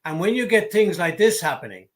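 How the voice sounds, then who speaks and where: Guy cohosting a ref talk show, chatty, voice a bit on the high side. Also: expressive, brisk. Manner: chatty, reads viewer messages aloud. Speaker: co-host. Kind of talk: casual discussion.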